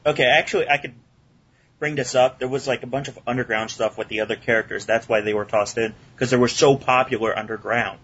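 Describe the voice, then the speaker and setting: Male host, eager and giggly, husky voice, muffled lo-fi recording. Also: medium pitch, steady tone, fast talker, fairly bright tone. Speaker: podcast host. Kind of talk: casual chat. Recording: dull lo-fi recording.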